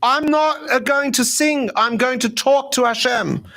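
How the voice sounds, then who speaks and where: Male rabbi, high voice, informal gathering talk, chatty and self-deprecating. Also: measured pace, gravelly. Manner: lively, chatty, self-mocking. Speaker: rabbi teaching meditation.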